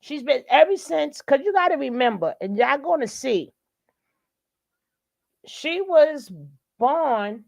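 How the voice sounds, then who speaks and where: A woman's voice: high voice, sing-song, measured pace, vocal fry. A woman giving casual reaction commentary, drawling and exclaiming to her viewers.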